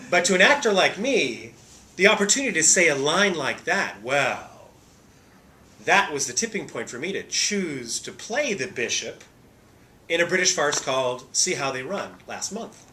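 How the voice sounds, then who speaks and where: A man's voice: fairly high pitch, big pitch swings, moderate pace, sharp tone. A man who is a stage actor, telling a humorous story in a theatrical, playful way.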